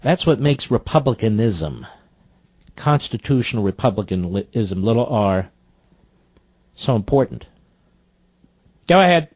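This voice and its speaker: A man hosting political talk radio from a studio mic, indignant and mocking, cutting in with sharp outbursts. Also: fairly low pitch, big pitch swings, a little slow, pauses often, no echo. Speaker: radio talk show host. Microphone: studio microphone.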